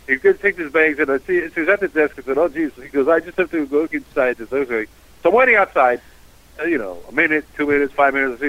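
Fast-talking New cabbie on radio. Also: male voice, a little high, dry recording, dull audio. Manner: storytelling, animated, acts out dialogue. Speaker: cab driver. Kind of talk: casual radio chat.

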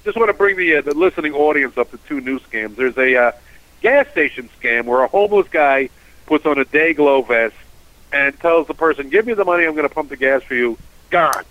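A fast-talking New man with a slightly high voice tells taxi stories on the radio, playing out both sides of each exchange. The sound is dry and a little dull, like an old broadcast. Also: no room sound. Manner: storytelling, animated, acts out dialogue. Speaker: cab driver. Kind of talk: casual radio chat.

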